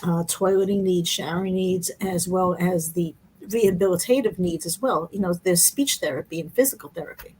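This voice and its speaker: A woman's voice: on the low side, brisk, hardly any pauses, a little mellow, a little hiss or hum, poor audio. A woman hosting a podcast, talking in a chatty, personal way with emphatic asides. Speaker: podcast host. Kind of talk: casual conversation.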